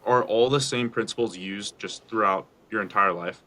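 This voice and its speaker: A man's voice: fairly low pitch, moderate pace, sharp tone. A man hosting a podcast, asking long, searching questions with many fillers. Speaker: podcast host. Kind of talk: casual interview questions.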